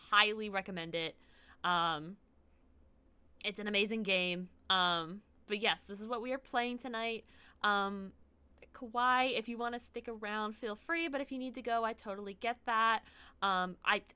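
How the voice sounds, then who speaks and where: A woman streaming from home, chatting casually while she plays a game, excitable, laughing often and swearing freely. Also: mid-range voice, clean tone, no echo. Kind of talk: casual live-stream chat while gaming.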